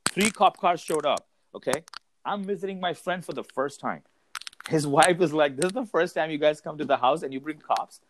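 A man's voice: on the high side, moderate pace, slight background noise, poor audio. A man in casual chat, animatedly telling a story and acting out what others said, laughing along the way.

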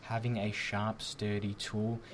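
Low-voiced Australian man musing aloud. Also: monotone, unhurried. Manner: meandering, tag questions like "right?". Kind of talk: casual group chat.

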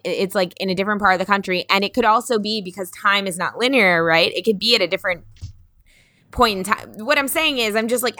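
Woman co-host, rambling thinker, bright edge to the voice, dry close sound. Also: medium pitch, no echo. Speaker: podcast co-host. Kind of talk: casual chat.

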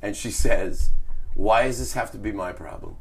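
A man's voice: fairly low pitch, animated, normal speed, creaky, husky. A man telling a story in casual, profane podcast chat. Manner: storytelling, profane, laughs often. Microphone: phone.

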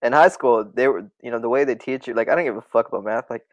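A man's voice: medium pitch, fast talker, no echo, lo-fi sound. A young man co-hosting a podcast, chatting casually, joking and swearing. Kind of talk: casual chat.

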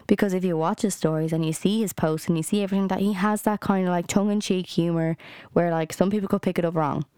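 A young woman with a lowish voice rants heatedly on her own podcast, swearing freely and padding her speech with fillers. The sound is dry and close, with no room around it. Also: steady tone, fast talker, dark tone, clean tone, no room sound. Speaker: podcast host. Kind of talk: solo rant podcast.

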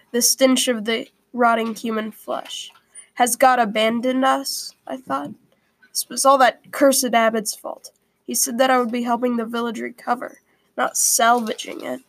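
Gravelly-voiced woman reading a story. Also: a little high, dry recording. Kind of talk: first-person story reading.

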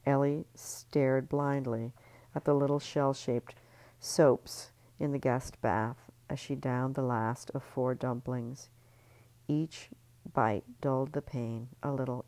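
A woman with a strikingly low voice reads her novel aloud. She keeps a calm, measured pace. Now and then she stumbles and restarts a word. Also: dry recording. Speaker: author reading her novel. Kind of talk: audiobook-style novel reading.

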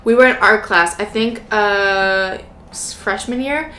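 A woman's voice: mid-range voice, slow pace, sharp tone. A young adult woman co-hosting a podcast, chatting casually with playful teasing and lots of "like". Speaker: podcast co-host. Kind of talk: casual chat. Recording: echoey room with faint noise.

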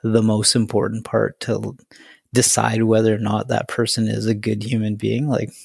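A man's voice: on the low side, completely flat delivery, moderate pace, gravelly, darkish tone, husky, no echo, clean studio sound. A man hosting a podcast interview, chatting casually and enthusiastically with lots of fillers. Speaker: podcast host.

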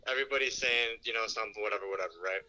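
A man's voice: on the low side, racing, sharp tone. A man on a phone call, casually telling a rambling story with laughs and backtracks. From New York. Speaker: phone-in guest. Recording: phone line.

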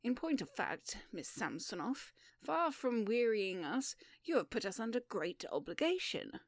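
A self-assured young gentleman, read by a woman, holds forth in a lofty, emphatic way and pushes his key words. The sound is close and dry. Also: fairly high pitch, big pitch swings, a little slow, no echo, heavily acted.

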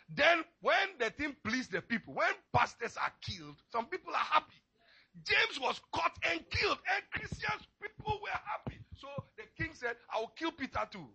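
A male pastor preaching a sermon, swinging from low, quiet murmurs to crying, shouted pleas. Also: very animated, normal speed, gravelly.

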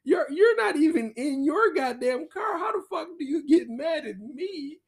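A sassy, exasperated woman as a man puts her on who shouts cussing retorts in a high, piercing voice. She is loud and indignant, fully fed up with whoever she is talking to. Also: lively intonation, normal speed, gravelly, heavily acted.

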